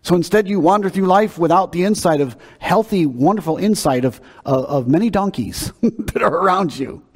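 Male pastor, sermon, emphatic and conversational, slightly high voice, long hall reverb. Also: expressive, moderate pace, darkish tone, breathy edge. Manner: conversational, emphatic, repeats words when building a point.

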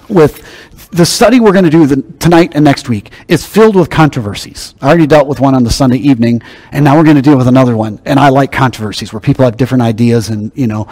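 A man's voice: medium pitch, darkish tone. A man preaching a sermon, teaching in a conversational, emphatic way. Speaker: pastor.

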